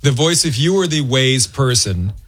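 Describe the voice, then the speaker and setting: A man's voice: medium pitch, animated, moderate pace, fairly bright tone. A middle-aged man hosting a radio show, bantering casually and joking with callers and co-hosts. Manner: joking, teasing.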